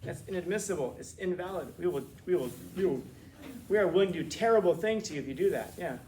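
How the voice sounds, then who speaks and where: A man with a slightly high voice lectures his class in a joking, animated way, full of quick asides and playful teasing. A faint hum of room noise sits behind him. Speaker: teacher.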